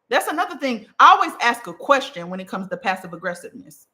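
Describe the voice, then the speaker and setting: A woman coaching on communication in a casual teaching talk, emphatic and animated, checking in with the listener after nearly every point. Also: fairly high pitch, quick pace, hardly any pauses. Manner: emphatic, checks in with "okay?" and "right?"; animated, punchy delivery.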